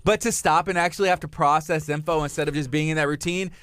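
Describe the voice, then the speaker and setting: High-voiced chatty radio co-host man. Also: fast, clear, resonant tone, no room sound, clean studio sound. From Texas. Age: 30s. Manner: teasing, chatty, rising to excited emphasis. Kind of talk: casual morning radio banter. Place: radio studio.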